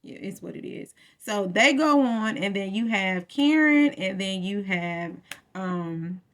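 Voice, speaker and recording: A woman's voice: medium pitch, animated, takes it slowly, a bit bright. A woman casually recapping a TV episode in a chatty storytelling way, acting out the characters' lines as she goes.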